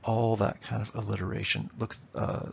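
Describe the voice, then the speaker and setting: Man, literature lecture, very gravelly voice, breathy and rough, muffled lo-fi recording. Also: on the low side, flat delivery, moderate pace. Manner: explanatory, checks in with "okay?", taps out rhythms aloud. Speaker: literature teacher. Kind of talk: classroom lecture.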